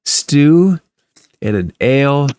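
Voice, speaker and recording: A man's voice: medium pitch, expressive, takes it slowly, darkish tone, clean tone, dry recording, pitched above the performer's own voice. A man doing a motherly woman innkeeper. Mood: welcoming. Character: warm welcoming female innkeeper.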